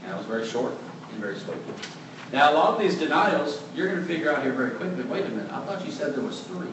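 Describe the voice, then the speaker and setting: A man giving a conversational Bible teaching, relaxed and thinking aloud, openly admitting what he is unsure of. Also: a little high, fast talker. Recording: very echoey room, mic far off, faint background noise.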